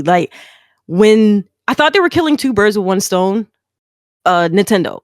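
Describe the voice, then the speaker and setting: A woman chatting on a podcast as a guest, telling a story with lively acted-out quotes. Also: dry recording, studio quality. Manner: animated storyteller, acts out quotes in a high excited voice. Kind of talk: casual chat.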